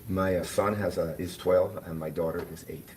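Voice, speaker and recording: A man working as a court interpreter, switching between Spanish and English in a quick, businesslike way with frequent fillers. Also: sits low, steady tone, a little mellow, a little hiss or hum.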